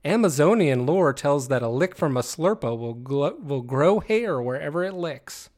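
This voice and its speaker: A man's voice: on the high side, lively intonation, normal speed, a little mellow. A man hosting a casual guessing game, reading descriptions aloud, often laughing mid-sentence and stumbling over words. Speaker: game host.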